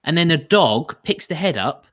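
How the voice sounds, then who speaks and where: Bright-voiced man with dry remarks. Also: a little high, sing-song, moderate pace. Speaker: podcast co-host. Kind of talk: casual live podcast discussion.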